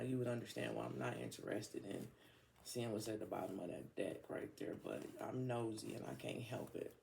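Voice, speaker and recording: Gravelly slangy woman reading tarot, laughing. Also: a bass voice, warm tone, a little hiss or hum. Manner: laughing fits, swearing, slangy banter. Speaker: tarot reader.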